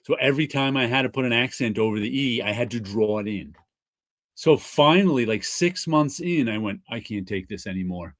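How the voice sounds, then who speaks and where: A man at middle pitch hosts a casual podcast chat, telling work stories and laughing often. His voice sounds dry and close, with little room around it. He quotes himself as he goes. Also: normal speed, a bit bright, no echo. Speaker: podcast host.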